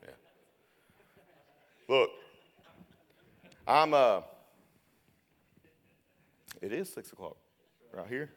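A young man preaching a sermon, telling a story and then building to loud, shouted preaching. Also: mid-range voice, lively intonation, drawn-out words, pauses often.

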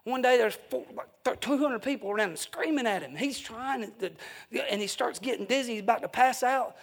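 A man's voice: very high-pitched, brisk. A man preaching an evening revival sermon as an evangelist in a church, fervent and emphatic, with folksy asides.

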